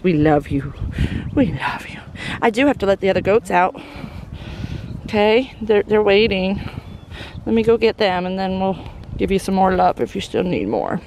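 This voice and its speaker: A woman's voice: medium pitch, a little hiss or hum. A woman farmer vlogging casually from her goat barn, chatting to the camera and cooing baby talk to her goats. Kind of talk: casual farm vlog. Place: goat barn and pen on a farm. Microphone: handheld camera.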